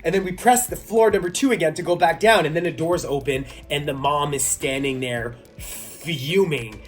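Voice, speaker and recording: A man, a magician, telling a story in a casual vlog, animated and laughing as he goes. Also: a little high, normal speed, soft background music. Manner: animated, laughs while telling, acts out voices. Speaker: magician and kids' entertainer.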